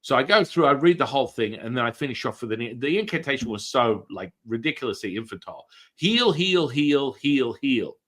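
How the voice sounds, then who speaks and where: Animated man telling a story. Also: mid-range voice, fast talker, hardly any pauses. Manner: animated, swears, repeats words and restarts often. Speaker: podcast guest. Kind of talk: casual conversational storytelling.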